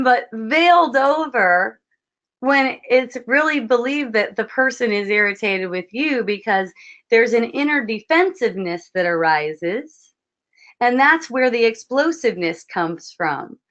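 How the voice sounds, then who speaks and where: A woman with a somewhat high voice guides listeners through relationship advice in an online session. She talks gently and thoughtfully and circles back over her own phrases. The audio is dull and muffled. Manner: gentle, reflective, repeats phrases. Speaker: spiritual teacher. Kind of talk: online wisdom dialogue, advising.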